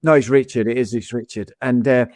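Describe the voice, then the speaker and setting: A man's voice: medium pitch, steady tone, fairly quick, a little mellow, no room sound. A man in casual film review chat, ranting with lots of swearing as a podcast co-host.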